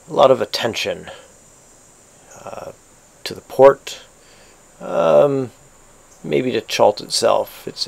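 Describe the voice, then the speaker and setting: A man playing a shrewd, businesslike male fixer in a tabletop game, speaking in a measured, subdued way. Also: fairly low pitch, creaky.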